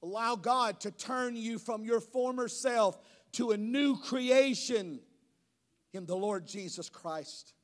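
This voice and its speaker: High-voiced man preaching a sermon. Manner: preaching, rising to shouts. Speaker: pastor. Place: church.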